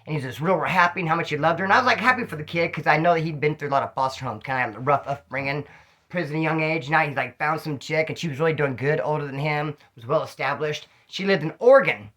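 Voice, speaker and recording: Middle-aged guy, loose slangy storyteller, slightly tipsy, talks quick with a slightly raised pitch. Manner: rambling, slangy, animated storyteller. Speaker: vlogger telling prison stories. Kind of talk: casual storytelling to camera.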